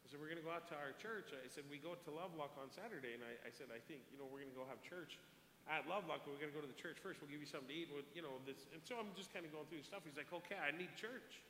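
A man preaching a sermon as a pastor, passionate, swinging from hushed asides to loud appeals. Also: on the high side, very fast, a little hiss or hum. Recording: echoey hall with long reverb.

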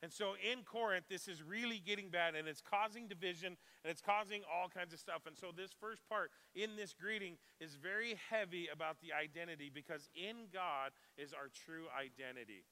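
A man's voice: sits high, moderate pace, few pauses, sharp tone, in a large hall. A man preaching a sermon in a church, talking conversationally and putting questions to the congregation. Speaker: pastor. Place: church sanctuary.

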